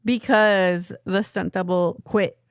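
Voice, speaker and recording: A woman's voice: mid-range voice, fairly even intonation, slow pace, clean tone, no echo, studio quality. A young woman co-hosting a casual movie podcast, chatting and teasing playfully. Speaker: podcast co-host.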